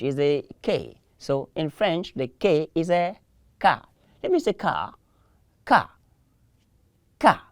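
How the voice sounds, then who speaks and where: A man teaches French on television at a slow, deliberate pace, his pitch jumping up and down as he drills each word. He repeats terms several times and asks learners to answer back. The sound is close and dry. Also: no room sound. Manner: drills words by repetition, call and response. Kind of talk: televised language lesson.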